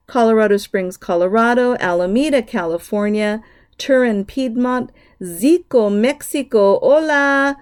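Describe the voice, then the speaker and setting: A middle-aged woman hosting her own podcast, reading listener locations aloud and chatting casually with bursts of excitement. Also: mid-range voice, clear, resonant tone. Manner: warm, gushing shout-outs to listeners, bursts of excitement. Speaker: podcast host. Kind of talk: casual solo podcast talk.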